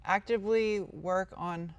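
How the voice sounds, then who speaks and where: A woman's voice: medium pitch, unhurried, clear, resonant tone, no room sound, dull audio. A woman casually answering viewer questions on a live stream, rambling and chatty as she reads out each question. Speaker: car-build YouTuber answering live chat.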